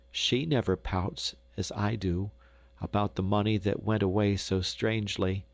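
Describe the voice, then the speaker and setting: A man voicing a frightened, tender little peasant girl in an audiobook, speaking softly and anxiously. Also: on the low side, gravelly, dry recording, full character voice. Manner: pleading, soft and anxious. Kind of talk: audiobook character voice.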